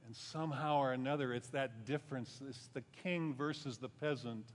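A man preaching a sermon in a conversational way, rising for emphasis and then dropping low. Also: moderate pace. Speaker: pastor. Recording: long hall reverb.

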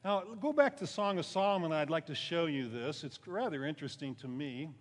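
A male pastor with a somewhat high voice delivers a conversational sermon. He lifts his voice for emphasis and then sinks low at the ends of thoughts. The sound carries a long hall reverb. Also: expressive, a little fast.

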